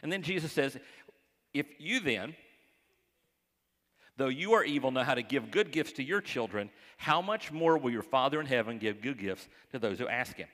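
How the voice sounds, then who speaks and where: A man preaching to his congregation in a casual, folksy way, tossing in jokes and little acted-out voices that sometimes drop to a hush. His pitch sits in an ordinary middle range. The sound carries the long reverb of a church sanctuary. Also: lively intonation, normal speed. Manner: folksy, joking asides to the congregation; acts out quoted voices, dropping to hushed tones. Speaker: pastor. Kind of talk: conversational sermon.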